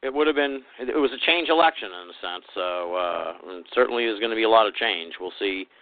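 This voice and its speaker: A man's voice: fairly low pitch, expressive, fast. A man hosting a podcast, chatting casually and reading out listener questions with plenty of fillers. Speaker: podcast host. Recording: tinny phone-line sound, dry.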